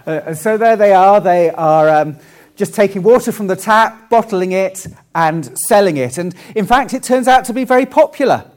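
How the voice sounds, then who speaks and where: A man from Wales preaching a friendly sermon with frequent ums and pauses. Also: high voice, lively intonation. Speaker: pastor.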